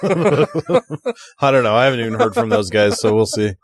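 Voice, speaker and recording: A man's voice: medium pitch, big pitch swings, moderate pace. A man co-hosting a casual podcast, joking and teasing with frequent giggles. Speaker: podcast co-host.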